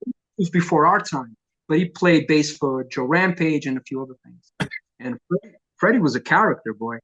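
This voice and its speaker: A middle-aged man, a punk vocalist telling profane, lively stories in an oral history interview. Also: on the high side, moderate pace, breathy edge, muffled recording. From New York. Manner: profane, animated storyteller who acts out quotes.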